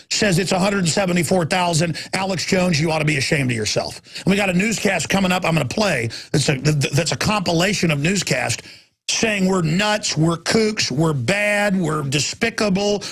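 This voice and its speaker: Fired-up radio host guy ranting, husky rough voice, loud then low. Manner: ranting, swings between loud outbursts and low asides. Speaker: radio talk show host. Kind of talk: impassioned talk radio monologue.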